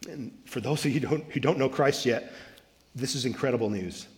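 A man's voice: mid-range voice, a little fast. A man, a pastor, preaching an earnest sermon and repeating key phrases for emphasis. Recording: long reverb of a large hall.

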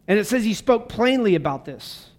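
A man's voice: high-pitched, big pitch swings, moderate pace. A man preaching a sermon to a church congregation in a fervent, conversational way, with casual asides. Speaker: pastor. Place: church service.

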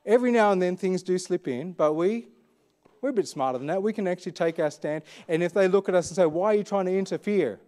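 Male pastor, high mellow voice, chatty questioning sermon delivery. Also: quick pace. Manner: conversational, questioning, frequent fillers.

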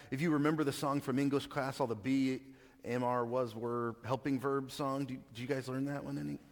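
A man from Texas, preaching a casual teaching sermon and asking the congregation questions. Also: mid-range voice. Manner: conversational teaching, asks the audience questions, frequent restarts. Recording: reverberant hall.

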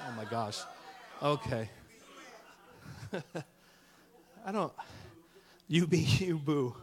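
Fired-up preacher man, rising and shouting. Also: on the high side, measured pace, pauses often. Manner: fired-up preaching with call-and-response and rhymes. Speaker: pastor. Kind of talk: sermon. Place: church sanctuary.

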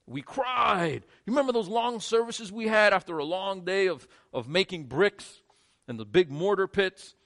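Animated higher-voiced male preacher. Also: moderate pace. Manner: animated, swings between quiet and emphatic. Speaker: pastor. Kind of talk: sermon.

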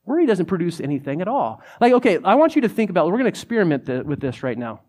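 High-voiced man preaching casually. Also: fast talker. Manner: conversational, animated, many "like" fillers. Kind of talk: sermon.

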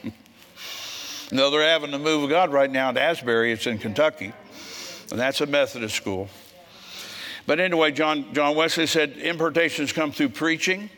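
Forceful folksy preacher man, echoey hall. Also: fairly high pitch, normal speed, pauses often. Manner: frisky, forceful, folksy storytelling. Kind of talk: sermon.

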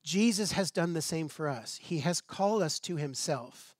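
A man's voice: a little high, animated, normal speed, no room sound, clean studio sound. A male pastor preaching a sermon in a conversational way, posing rhetorical questions and dropping light asides.

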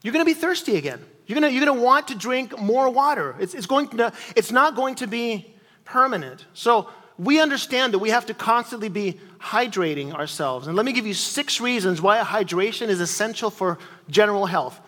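A man's voice: sits high, lively intonation, brisk, fairly bright tone. A pastor in his forties giving a sermon, talking conversationally and with animation, with repeated phrases and questions to the congregation. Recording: reverberant hall.

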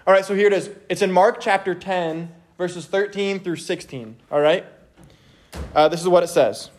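A young man teaching a youth group from the Bible in a casual, energetic way, often checking in with his listeners. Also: high voice, normal speed. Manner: energetic, checks in with "okay?" constantly.

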